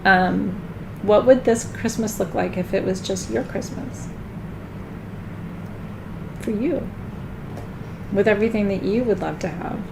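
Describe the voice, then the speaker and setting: A woman doing a live tarot card reading in a chatty way, laughing often and getting loud when she jokes. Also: medium pitch, measured pace, vocal fry, long pauses, noisy background.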